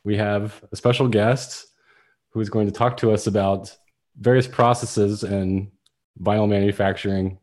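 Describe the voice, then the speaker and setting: A man hosting a podcast in relaxed, casual chat. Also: on the low side, moderate pace. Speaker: podcast host.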